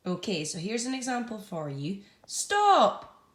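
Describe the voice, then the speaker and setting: Scottish woman, young adult, primary teacher, slightly low voice, encouraging and explanatory. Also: animated, normal speed, a little mellow. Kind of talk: recorded home-learning lesson.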